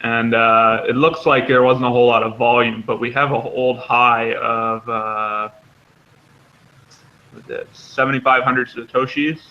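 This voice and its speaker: A man co-hosting an online trading show, explaining coin background in a flat, halting way with many ums and uhs. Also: medium pitch, highs cut off. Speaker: co-host running the chart segment. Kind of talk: casual explanatory talk.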